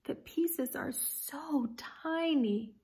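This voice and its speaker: A woman voicing Alice, a worried and timid female alligator in a storybook, speaking softly and fretfully. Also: high voice, extremely slow, pitched above the performer's own voice, exaggerated voice. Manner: fretful, soft.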